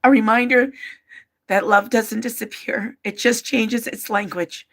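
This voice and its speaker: A woman with a slightly high voice and a gravelly, fry-laced edge. She hosts a casual livestream, softly reading out viewer comments and her own heartfelt letters. Her delivery is open and emotional. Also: steady tone, a little slow. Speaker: livestream host.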